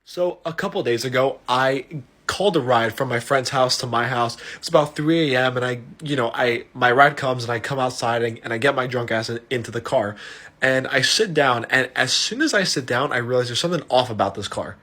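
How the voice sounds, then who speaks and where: A young man telling a wild personal story in a casual, profane, animated way, with a mild stutter and restarts. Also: mid-range voice, fairly quick. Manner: animated, profane, self-mocking.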